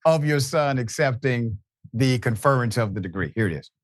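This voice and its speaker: A man hosting a live show, speaking in a formal, measured, praising way. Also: mid-range voice, lively intonation, no echo, clean studio sound. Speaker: show host.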